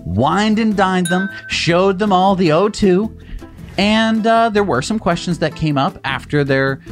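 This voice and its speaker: A man's voice: sits high, a little slow, soft background music. A man co-hosting a casual tech news show, exasperated and mocking. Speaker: co-host.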